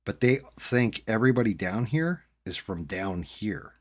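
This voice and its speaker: This middle-aged man from New Jersey hosts a stream, chatting loosely with viewers and rambling through profane tales. His fairly low voice has lively intonation and an unhurried pace.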